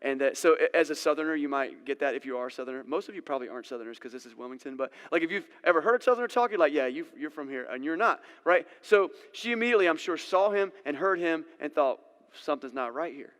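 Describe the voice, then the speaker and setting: A man's voice: a little high, expressive, quick pace, few pauses, a bit bright, clean tone. A man preaching a sermon in a casual, conversational way, acting out the scenes he retells. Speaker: pastor. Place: church sanctuary. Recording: long church-hall reverb.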